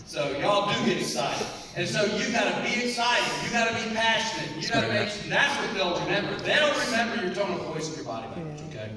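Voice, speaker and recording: A man giving an energetic motivational speech at a convention, talking emphatically and repeating his key points. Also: high-pitched, a little fast, a crowd in the background. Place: large convention hall. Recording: echoey hall, voice from far off.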